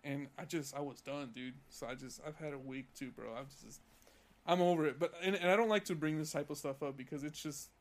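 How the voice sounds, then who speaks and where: A man's voice: fairly high pitch, fairly quick. A young man from California on a casual podcast, telling a profane, heated story about work. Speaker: podcast co-host.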